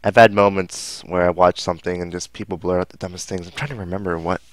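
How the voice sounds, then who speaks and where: Low-voiced joking man, dry sound. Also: fairly even intonation, fast talker, no echo. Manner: sarcastic, joking interjections. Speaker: podcast co-host. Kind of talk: casual podcast chat.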